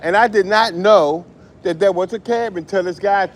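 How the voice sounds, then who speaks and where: A man, a cab driver, rants on a live stream, repeating himself over and over for emphasis. His voice sits a bit high for a man. Road noise from the car comes through clearly on the phone recording. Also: normal speed. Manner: repetitive, emphatic, self-described loud mouth. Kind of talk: angry live-stream rant.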